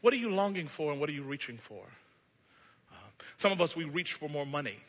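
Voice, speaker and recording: A man preaching a sermon as pastor, animated, swinging between hushed lines and shouted ones. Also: fairly high pitch, brisk, long reverb tail.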